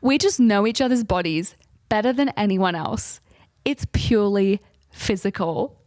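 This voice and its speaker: A woman's voice: medium pitch, animated, a little slow, a little mellow, no room sound, studio quality, lightly acted. A woman voicing a smug, careless young man who talks dismissively.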